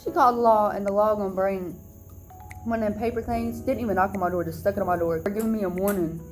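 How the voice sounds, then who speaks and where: A woman's voice: medium pitch, steady tone, quick pace, a little mellow, faint music behind. Indignant young woman telling a storytime. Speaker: vlogger. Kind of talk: storytime vlog.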